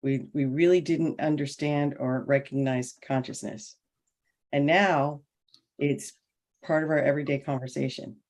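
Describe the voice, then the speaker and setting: A woman's voice: sits low, fairly even intonation, unhurried, darkish tone. A middle-aged woman on a panel, telling a personal story and acting out the dialogue. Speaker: panel guest. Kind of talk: casual panel talk, storytelling.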